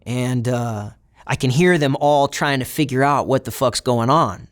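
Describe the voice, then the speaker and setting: A man's voice: mid-range voice, unhurried. Man casually retelling a prison memory. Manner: casual, reflective retelling with acted quotes of other inmates. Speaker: interview guest. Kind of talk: storytelling in an interview.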